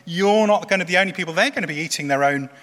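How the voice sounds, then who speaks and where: A boastful old-world field commander taunts his enemies, his voice raised and swinging in pitch, as a preacher acts him out. The delivery is bright and cutting. It rings through a reverberant church hall. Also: big pitch swings, a little fast, full character voice. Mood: gloating. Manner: taunting, mocking, loud.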